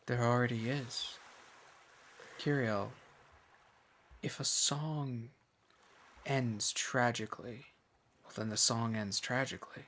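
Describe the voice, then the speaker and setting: A man voicing an ancient otter-like water spirit that speaks in a slow, measured, solemn way. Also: mid-range voice, steady tone, a bit bright, slight background noise.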